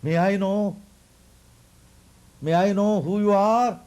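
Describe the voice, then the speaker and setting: A man voicing an ancient, proud male sage who is offended at being called a child, speaking high and indignant in a devotional story. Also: slow pace, darkish tone, low-quality recording. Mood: pleading. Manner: high, pleading and indignant, with chuckles.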